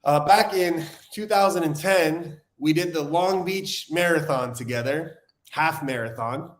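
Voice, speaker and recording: A young adult man hosting a recovery live stream, talking in an earnest, animated way and reading viewer comments aloud. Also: fairly high pitch, measured pace. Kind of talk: casual live-stream talk.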